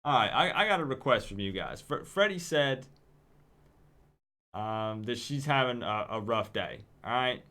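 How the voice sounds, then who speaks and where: A man's voice: medium pitch, animated, measured pace, sharp tone. A man from East Tennessee with its accent, hosting a livestream and taking calls in a hyped, friendly way, often repeating words. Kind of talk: casual livestream chat.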